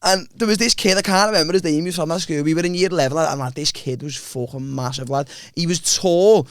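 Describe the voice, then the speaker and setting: High-voiced sweary lad. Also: male voice, quick pace, smooth, no room sound, clean studio sound. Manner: sweary storytelling with constant "lad" and restarts. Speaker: podcast co-host. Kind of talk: casual banter.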